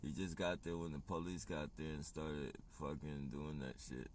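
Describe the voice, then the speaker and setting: A man's voice: very deep voice, normal speed, a little mellow, a little hiss or hum. A man chatting casually on a livestream, rambling and swearing, often laughing as he talks.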